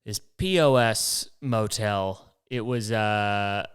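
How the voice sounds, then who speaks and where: Young male host, smooth clear voice, casual rambling monologue with profanity and self-mockery. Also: lowish voice, slow. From New York. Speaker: podcast host.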